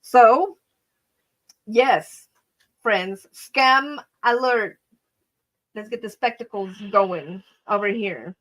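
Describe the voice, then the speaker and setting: A woman hosting a casual live stream from home, chatting to her viewers as friends and telling a story with animated energy. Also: mid-range voice, drawn-out words, pauses often, rough recording. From Mexico.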